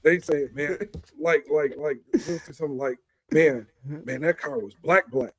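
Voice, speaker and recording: A man chatting as a guest, animated and repeating words for emphasis. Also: a little high, normal speed, slightly rough, dry recording. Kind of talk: casual chat.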